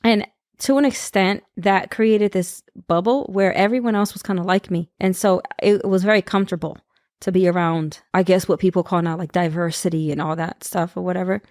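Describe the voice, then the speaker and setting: A Puerto Rican woman in her thirties, co-hosting a podcast and telling a personal story in casual chat, animated and laughing with snarky asides. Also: lowish voice, brisk, no room sound, studio quality. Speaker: podcast co-host.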